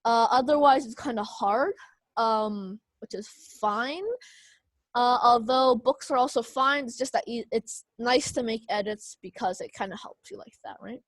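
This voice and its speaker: Over a video call, a woman teaches a speech class, explaining slowly with plenty of fillers and restarts. Her voice is a little high, and the recording is dry.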